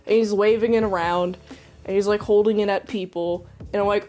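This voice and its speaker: A woman's voice: mid-range voice, fairly even intonation, brisk, a little mellow, faint music behind. A woman reviewer casually recapping a movie, rambling with sarcastic asides.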